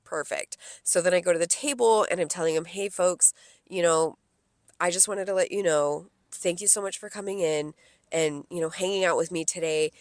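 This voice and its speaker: Lively young woman telling a story. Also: lowish voice, moderate pace, no room sound, clean studio sound. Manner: animated storyteller, swears freely, acts out customers' lines. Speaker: podcast co-host. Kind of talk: casual chat, storytelling.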